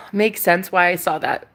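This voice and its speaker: A woman vlogger telling a casual story, excitable and gushing, laughing often. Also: fairly low pitch. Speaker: tarot reader vlogger.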